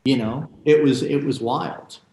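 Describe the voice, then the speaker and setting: A man guest in an interview, telling animated stories full of quoted asides and excited exclamations. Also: mid-range voice, measured pace, reverberant, poor audio. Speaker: guest guitarist.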